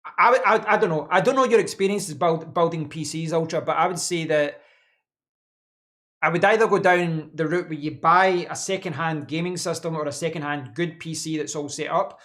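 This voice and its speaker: A man's voice: fairly high pitch, moderate pace, sharp tone. A man hosting a casual live stream from his home office desk, answering chat in a rambling way and repeating words as he thinks.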